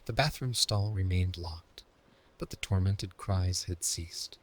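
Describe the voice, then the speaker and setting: Brief: man, very low and husky voice, steady scripted horror narration. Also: slow.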